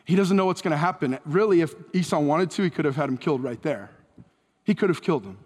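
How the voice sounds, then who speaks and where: A fairly high-pitched man preaches from the pulpit, and his words trail into a long hall reverb. He retells an old story with animated, acted-out dialogue. The sound is that of a church sanctuary. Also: fast, slightly rough. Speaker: pastor. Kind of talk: sermon.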